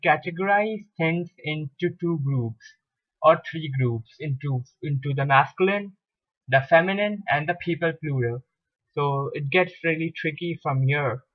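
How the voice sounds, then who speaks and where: Man, French teacher, very slow lecture, repeats himself, muffled lo-fi recording. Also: on the high side. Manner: deliberate, hesitant with fillers and repetitions. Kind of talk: slow lecture explaining grammar at a board.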